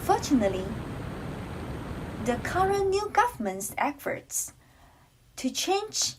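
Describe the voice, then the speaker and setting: A woman from Taiwan with a Taiwanese accent, whose first language is Taiwanese Hokkien, teaching a language lesson slowly and carefully, repeating phrases for the learner. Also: a little high, breathy edge, poor audio.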